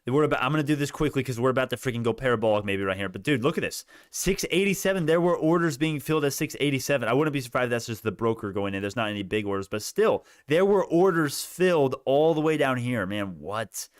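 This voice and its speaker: A young man giving animated live commentary on stock prices, laughing and repeating himself, his voice worn out. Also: medium pitch, quick pace, hardly any pauses, smooth, no echo, clean studio sound. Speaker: stock market streamer. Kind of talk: excited live market commentary.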